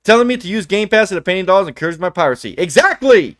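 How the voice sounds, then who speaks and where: A young man co-hosting a livestream, ranting in casual chat with profane, animated outbursts. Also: sits high, very fast, a little hiss or hum. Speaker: livestream co-host.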